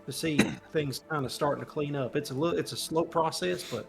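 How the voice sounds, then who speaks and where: A friendly, folksy man speaks in character at a tabletop game in a fairly high voice. He is polite, saying ma'am and y'all, with faint music behind. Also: brisk, gravelly. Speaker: player. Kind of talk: in-character tabletop role-play.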